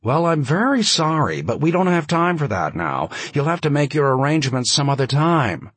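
A man's voice: fairly high pitch, sing-song, moderate pace, fairly bright tone, slightly rough, no echo, voice pushed up, full character voice. A man voicing a stiff upper-class man who speaks in a frosty, commanding tone, in an audiobook. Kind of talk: audiobook narration.

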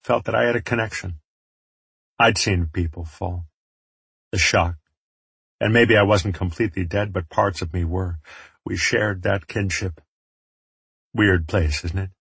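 A man narrates a first-person audiobook in a low, very husky voice. His delivery is wry and reflective, and the close, dry recording has no room sound. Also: steady tone, unhurried, pauses often, a bit bright, no room sound.

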